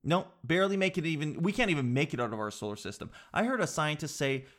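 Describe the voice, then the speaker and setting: Young man, podcast host, casual solo chat, rambling, slangy, fairly high voice. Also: lively intonation, quick pace, fairly bright tone.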